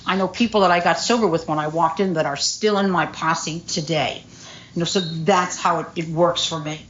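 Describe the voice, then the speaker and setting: A woman's voice: lowish voice, steady tone, moderate pace, highs cut off, slight background noise. A middle-aged woman speaking at a recovery meeting, telling her story candidly with lots of fillers. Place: meeting room.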